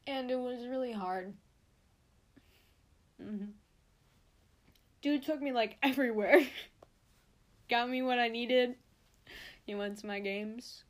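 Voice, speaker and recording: A woman's voice: fairly high pitch, slow, long pauses. A young woman hosting her own podcast, talking in an earnest, rambling and openly emotional way. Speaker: podcast host. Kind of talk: casual podcast monologue.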